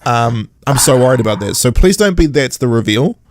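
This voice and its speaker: A man hosting a podcast in casual chat, animated and sarcastic, often mimicking characters. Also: medium pitch, fairly quick. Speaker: podcast host.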